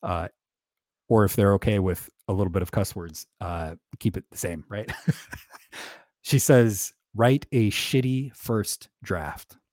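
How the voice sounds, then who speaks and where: Guy doing a casual podcast monologue, kinda low voice, chuckles at himself a lot, dry sound. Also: a little slow, long pauses, mellow, dry recording. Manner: candid, self-deprecating, chuckles often; conversational, with many fillers and restarts. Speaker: podcast host.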